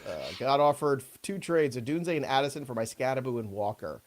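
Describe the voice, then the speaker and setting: A male host of a live fantasy football show, running through viewer questions in a loose, joking way. His voice sits at an ordinary middle pitch. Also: expressive, a little fast. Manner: joking and loose, often laughing. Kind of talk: live casual sports advice chat.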